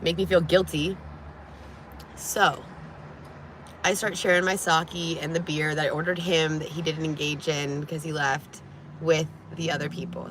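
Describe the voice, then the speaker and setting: Bright-voiced woman telling a frank story. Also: deep voice, unhurried, a little hiss or hum. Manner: animated, frank and profane, with many "like"s. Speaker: vlogger telling a personal story. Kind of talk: casual storytelling to camera.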